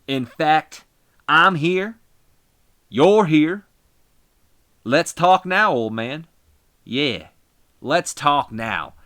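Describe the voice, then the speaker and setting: A man voicing a brash, cocky male wrestler cutting a loud, taunting ring promo. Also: on the high side, lively intonation, drawn-out words, pauses often, dry recording, clean studio sound, pitched above the performer's own voice, full character voice. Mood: defiant.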